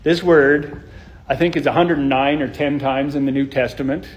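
A man's voice: mid-range voice, level tone, moderate pace, slight background noise. A man preaching an expository sermon, earnest and explanatory, often restarting his phrases. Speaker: pastor.

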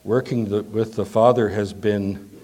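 A man preaching a sermon as pastor, asking the congregation rhetorical questions and swinging between emphatic lines and hushed asides. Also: on the low side, fairly even intonation, measured pace.

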